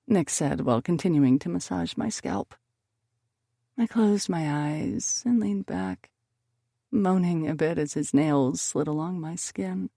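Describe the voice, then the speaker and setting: Woman audiobook narrator for first-person romance, mid-pitched voice with a gravelly grain, dry close recording. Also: moderate pace, warm tone, no room sound.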